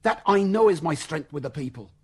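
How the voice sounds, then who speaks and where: A devout, torn young Royalist officer speaks with impassioned earnestness, his husky voice sitting somewhat high and moving widely in pitch. The delivery belongs to a 1970s radio play. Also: animated, a little fast, a little mellow. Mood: anguished. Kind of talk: 1970s radio drama acting.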